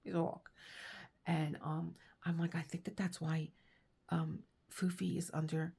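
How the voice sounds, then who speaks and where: A husky-voiced woman pitched on the low side. She talks in a rambling, chatty way and laughs often as she reads aloud and tells stories. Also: flat delivery, measured pace, warm tone. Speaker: crafting vlogger. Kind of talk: casual chat with reading.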